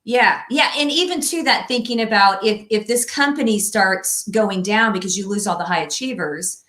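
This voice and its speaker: A woman chatting as a podcast guest, telling stories in an animated way and laughing often. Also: mid-range voice, moderate pace. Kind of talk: casual conversation. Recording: echoey room sound.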